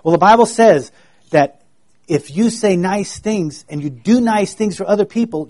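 A man giving a children's sermon, in a gentle, folksy way that keeps asking the children questions. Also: high-pitched, moderate pace.

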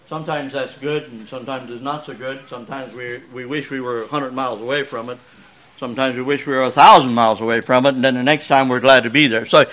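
A man's voice: mid-range voice, a bit bright. A man closing a church service by telling the children a chatty, folksy story and asking the congregation questions.

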